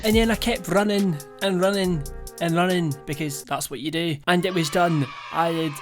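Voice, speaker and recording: A man's voice: sits high, fairly even intonation, normal speed, faint music behind. Joking self-mocking young Scottish man. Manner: joking, self-deprecating, laughs often. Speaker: YouTuber. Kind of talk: comedic vlog narration.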